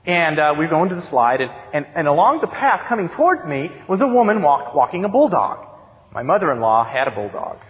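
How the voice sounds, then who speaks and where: A man in his thirties preaching a sermon as youth director, telling stories with animated, acted-out voices, heard in a church sanctuary. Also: on the high side. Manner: animated storytelling, acts out excited voices. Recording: dull sound with long church reverb.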